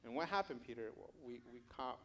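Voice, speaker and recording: A man's voice: mid-range voice, lively intonation, fairly quick, sharp tone. Man playing Peter, humble stammering fisherman. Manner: confessional, stammering restarts.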